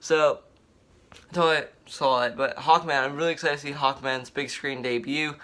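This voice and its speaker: A young man rambling excitedly in casual fan commentary, repeating himself often. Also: mid-range voice, moderate pace. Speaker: vlogger.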